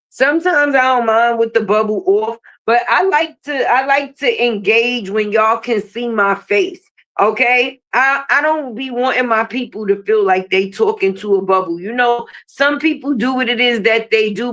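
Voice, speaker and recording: A woman's voice: medium pitch, fairly bright tone. A woman hosting a casual livestream while sick and sniffly, chatting straight to her viewers and swearing freely. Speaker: livestream host.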